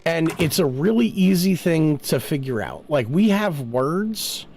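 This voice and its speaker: A man's voice: on the high side, animated, a little slow, vocal fry, darkish tone. A middle-aged man from New Jersey, rambling through a casual chat while gaming and telling stories with lots of filler words. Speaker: streamer.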